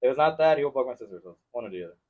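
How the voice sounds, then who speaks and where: A man hosting a podcast in casual chat, mixing English and as he tells animated stories. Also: medium pitch, very fast. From Mexico-Texas border region. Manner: switches between English and Spanish, animated storytelling. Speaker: podcast host. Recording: lo-fi podcast recording.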